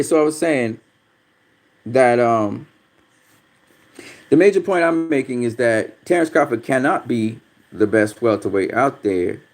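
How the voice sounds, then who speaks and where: Reading viewer comments on a casual livestream about boxing, this man is blunt, swears frequently and gets frustrated easily. His voice is medium in pitch and a little mellow.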